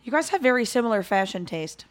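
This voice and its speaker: A woman's voice: on the high side, sing-song, quick pace. A woman co-hosting a casual podcast from a living room, teasing and tossing in dry quips. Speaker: podcast co-host.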